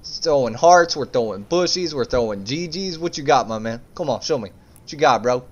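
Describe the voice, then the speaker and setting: A man telling a story in laid-back, slangy gameplay commentary, breaking into bursts of excitement. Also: mid-range voice, normal speed, dull audio. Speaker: gaming YouTuber.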